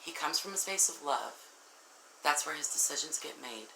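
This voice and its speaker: A woman's voice: sits low, animated, normal speed, creaky, reverberant, slight background noise, poor audio. A woman giving an earnest, emotional tarot reading and talking straight to her viewers. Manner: earnest, warm-hearted, addresses viewers directly, emotional. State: tearful at times. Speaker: tarot reader.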